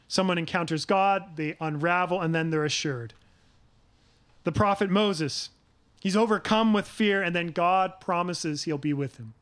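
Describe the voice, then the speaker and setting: A sermon comes from a middle-aged man, a pastor whose fairly high voice has a fairly bright tone. His delivery is earnest and deliberate, with pauses on key phrases and questions aimed at the congregation.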